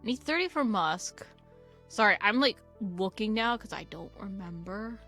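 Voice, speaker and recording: Unhurried yet animated, a young woman speaks with a sharp tone at medium pitch, faint game music playing behind her. As a gaming channel host doing casual let's-play commentary on a farming game, she keeps slipping into cursing, self-mocking rambles.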